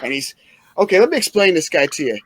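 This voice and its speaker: A higher-pitched man from Missouri spins crude, profane childhood stories in a loose podcast chat, often laughing as he goes. The recording is dry and close, with no room to it. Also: fast, dry recording. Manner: laughing, profane, animated storytelling. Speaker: podcast co-host. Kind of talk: casual storytelling chat.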